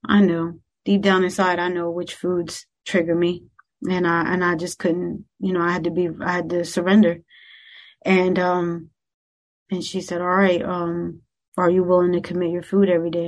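A middle-aged woman speaks at a recovery meeting and gives a personal testimony. She talks candidly and reflectively, often pausing and restarting. Her voice sits low and keeps a fairly flat, even pitch.

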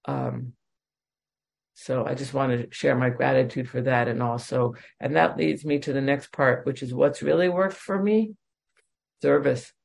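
A woman's voice: rumbling low, fairly even intonation, measured pace, gravelly, darkish tone. A woman in her forties sharing a candid, emotional personal testimony with self-deprecating humor at a recovery meeting. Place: at home.

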